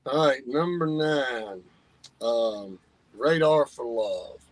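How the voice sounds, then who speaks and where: A man's voice: medium pitch, lively intonation, slow pace, dry recording, low-quality recording. A man in a casual album ranking chat, laid-back and drawing out his words. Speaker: podcast co-host.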